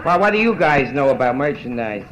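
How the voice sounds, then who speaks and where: A woman's voice: extremely low pitch, sing-song, fairly quick, noisy background. A middle-aged woman doing bawdy live stand-up in a nightclub, brassy and boozy, teasing the audience between jokes. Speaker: nightclub comedian. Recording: vintage live club record with band. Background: live band.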